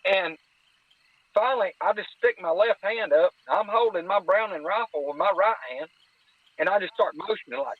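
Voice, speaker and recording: A high-voiced male guest storyteller casually tells a hunting-ground story at a moderate pace, vividly retelling it with lots of quoted back-and-forth dialogue. The recording is dry, with tinny phone-line audio.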